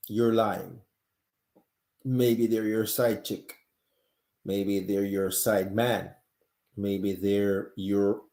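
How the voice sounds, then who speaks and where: A man hosts a live-streamed talk show while sick and coughing, with a mellow, dark tone. He speaks earnestly and directly to his audience and often restarts his sentences. The sound has the echo of a hard-walled room. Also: on the low side. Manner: earnest, talks straight to viewers, frequent restarts. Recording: echoey room.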